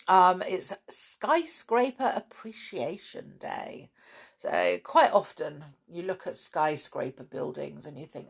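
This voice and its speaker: Woman, kids' podcast host, lively swooping pitch, lowish voice, playful and exclamatory. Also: takes it slowly, gravelly. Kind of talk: chatty presenting to children.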